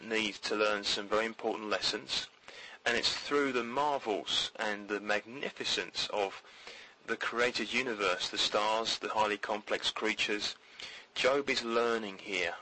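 A man gives a steady, earnest Bible commentary as a podcast guest. His tone is bright and forceful over a fairly low voice. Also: rough recording.

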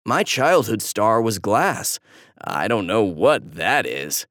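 The storybook narrator voicing a bewildered father who speaks slowly and low in puzzlement. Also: big pitch swings, a bit bright, no echo, studio quality, exaggerated voice. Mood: puzzled.

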